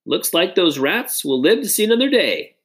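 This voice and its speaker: A man's voice: high voice, very animated, normal speed, a bit bright, voice pushed up, heavily acted. A man reading aloud and voicing a bold young colonial inventor who gives firm, decisive orders. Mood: commanding.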